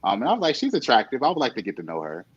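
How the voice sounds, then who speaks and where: A man's voice: medium pitch, very fast, husky. Man telling a story, lo-fi sound. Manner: animated storyteller, laughs often. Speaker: interview guest. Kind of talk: conversational podcast interview. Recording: dull lo-fi sound.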